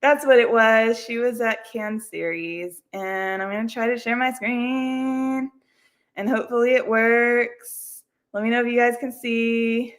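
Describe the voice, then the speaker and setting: A woman's voice: fairly high pitch, steady tone, a little slow. A woman hosting a casual livestream, rambling and chatty, laughing often and poking fun at herself. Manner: self-deprecating. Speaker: livestream host. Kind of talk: casual chat.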